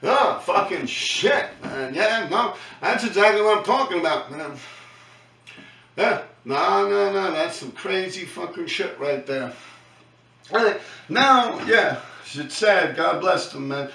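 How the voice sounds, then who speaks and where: A man's voice: high-pitched, animated, a little slow, creaky, bright, forceful tone, roomy sound, distant mic, low-quality recording. A middle-aged man with a New York accent, telling stories in a casual monologue, profane and slangy, tagging his lines with "man.". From New York City. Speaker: host recounting his graffiti days.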